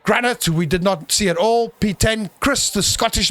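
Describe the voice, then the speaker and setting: A man's voice: sits high, moderate pace, fairly bright tone, no room sound. A man giving live, unscripted commentary on a sim race in a playful, teasing way, exclaiming at crashes.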